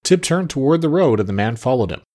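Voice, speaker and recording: A man narrating a children's storybook with an expressive, animated reading. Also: medium pitch, fast talker.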